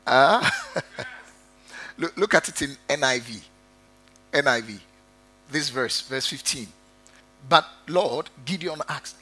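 Forceful, emphatic male preacher. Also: mid-range voice, lively intonation, unhurried, pauses often, rough recording. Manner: emphatic, repeats key words, addresses congregation directly. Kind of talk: sermon.

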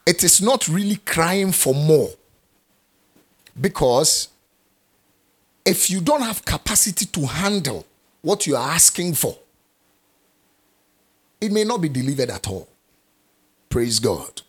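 A male preacher delivers a sermon in a husky voice with animated pitch and a deliberate, emphatic style. He repeats key phrases and asks the congregation questions.

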